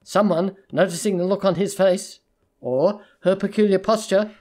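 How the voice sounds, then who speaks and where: A narrator reading a literary short story aloud in a measured, steady storytelling manner. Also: medium pitch.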